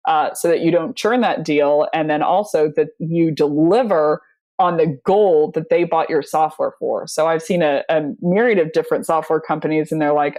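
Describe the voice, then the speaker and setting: In a relaxed interview, the female guest speaks in a slightly low voice. Her storytelling is loose and lively, full of filler words and quick laughs.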